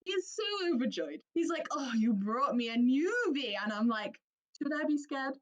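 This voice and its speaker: A woman from England co-hosting a podcast, telling an animated story with plenty of laughter and quoted voices. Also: sits high, normal speed, highs cut off. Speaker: podcast co-host. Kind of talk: casual chat, storytelling.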